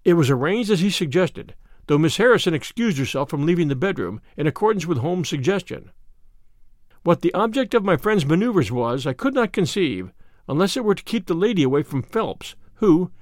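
Guy reading an audiobook, measured and expressive, dry close mic. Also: a little high, no echo. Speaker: audiobook narrator. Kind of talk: scripted narration.

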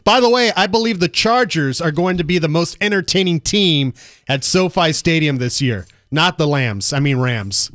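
Sarcastic guy butting in on a radio show, high voice, bouncy pitch. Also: lively intonation, moderate pace, a bit bright, dry recording. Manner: sarcastic, wisecracking. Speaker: sports reporter dropping by. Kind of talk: casual radio banter.

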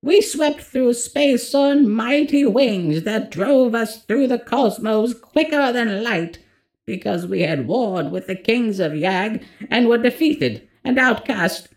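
A woman's voice: a little high, expressive, a little mellow. Woman voicing an ancient sorrowful alien being. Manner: slow, faltering, chanting. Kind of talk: audiobook character voice.

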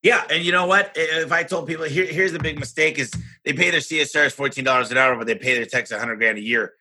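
A man who owns a home services business, talking in a lively podcast conversation and acting out the exchanges he has with other owners. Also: on the high side, fast, rough recording. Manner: animated, acts out his own conversations in quoted voices.

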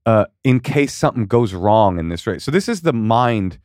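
Comedian guest, male, 40s, animated storyteller who mimics voices, dry close mic. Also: fairly low pitch, moderate pace, no room sound. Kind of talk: casual podcast chat.

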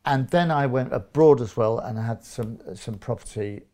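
A man's voice: mid-range voice, normal speed, mellow. A man in his fifties from England, a guest in an interview, chatting casually and acting out little dialogues with many restarts.

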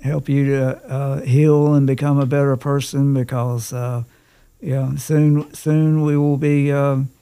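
A man in casual podcast chat, halting and searching for words. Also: medium pitch, little pitch movement, mellow, clean tone. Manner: halting, full of fillers and restarts. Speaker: podcast guest or co-host.

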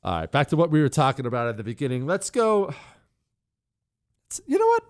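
A man's voice: fairly high pitch, wildly swooping pitch, brisk. A man in his forties hosting a solo talk radio show, ranting sarcastically and mocking with bursts of laughter.

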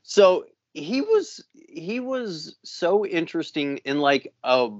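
A man's voice: a little high, very animated, slow, dry recording, highs cut off. A man co-hosting a podcast in casual chat, rambling and swearing constantly. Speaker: podcast co-host.

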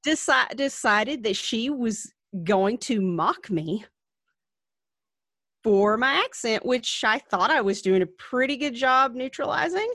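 Blunt woman with a softened Appalachian accent. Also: a little high, animated, slow pace, no echo, studio quality. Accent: Southern Appalachian, softened. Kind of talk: casual chat.

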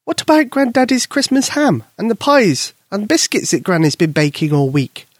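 A man's voice: sits high, very animated, normal speed, no echo, clean studio sound, voice pushed up. A man voicing a cheerful young mother coaxing her glum daughter. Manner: coaxing, upbeat questions.

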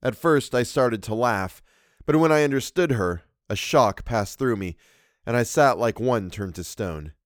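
A man hosting a podcast, reading a horror story aloud with a measured, expressive delivery. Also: mid-range voice, no room sound, clean studio sound. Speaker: podcast host and narrator.

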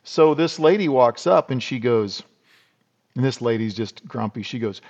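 A man's voice: mid-range voice, lively intonation, moderate pace, darkish tone, muffled recording. A middle-aged man from South Dakota, a podcast guest telling rambling, folksy stories in a casual interview. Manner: rambling, folksy, restarts and repeats words.

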